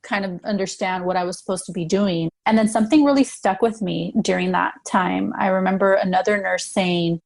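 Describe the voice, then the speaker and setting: A woman's voice: mid-range voice, fairly quick, gravelly, few pauses. Chatty young woman telling a story. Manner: chatty, frequent "like" fillers. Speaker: podcast guest. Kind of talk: casual personal storytelling.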